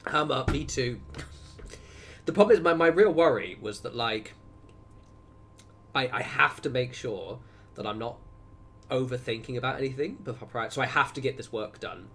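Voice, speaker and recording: A young man with a husky, fairly bright, medium-pitched voice streams a game at normal speed, pausing often. He rambles casually to viewers with chatty asides, frequently cutting himself off mid-sentence.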